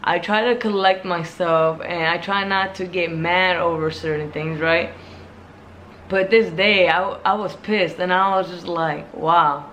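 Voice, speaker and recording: Vlogger, mid-pitched voice, exasperated storytime rant, faint background noise. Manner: exasperated, animated retelling with many fillers.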